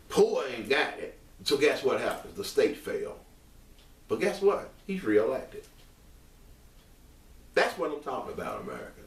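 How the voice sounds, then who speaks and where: An online commentator with a medium-pitched voice delivers an impassioned monologue straight to camera. He's emphatic and repetitive, swinging between raised outbursts and quieter, earnest passages. The mic sits back from him in an echoey room, so he sounds distant.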